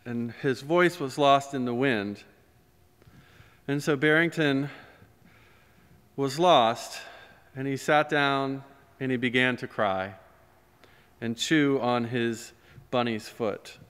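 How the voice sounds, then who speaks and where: A man, a pastor, telling a story during a sermon in a gentle, animated way, recorded in a church. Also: mid-range voice, slow, pauses often, smooth. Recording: long church reverb.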